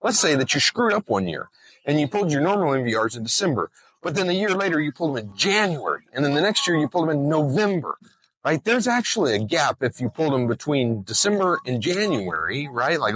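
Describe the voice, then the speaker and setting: Animated, joking man with husky voice. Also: on the high side, no room sound. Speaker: trucking compliance host. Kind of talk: casual vlog explainer. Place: outdoors in bright sun.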